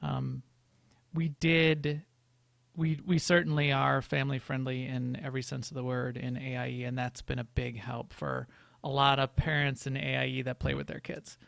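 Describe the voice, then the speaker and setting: A middle-aged man co-hosts a podcast and explains things plainly, repeating himself as he goes. His voice is heavily gravelly and flat in pitch, recorded dry and close. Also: moderate pace, no room sound. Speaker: podcast co-host. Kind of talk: casual chat.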